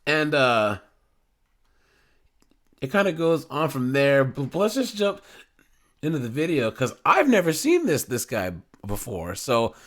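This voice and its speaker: A man's voice: mid-range voice, big pitch swings, measured pace, pauses often, a bit bright. Rambling male true-crime commentator. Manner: rambling, loose, full of fillers. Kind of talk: casual commentary.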